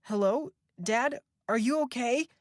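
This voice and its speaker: A narrator voicing an anxious adult daughter who sounds thin and tinny over a phone. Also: female voice, on the high side, measured pace, no echo, clean studio sound, voice pushed up, natural voice. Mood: alarmed. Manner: anxious, insistent.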